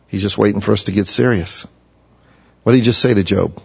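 A man preaching a sermon in an earnest manner, his pitch climbing when he speaks for the figures he quotes. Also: fairly quick, vocal fry, slightly rough. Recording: muffled sound in a reverberant hall.

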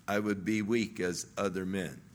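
A man's voice: sits low, steady tone, normal speed, pitched below the performer's own voice, natural voice. A preacher doing a strong man's offhand boast.

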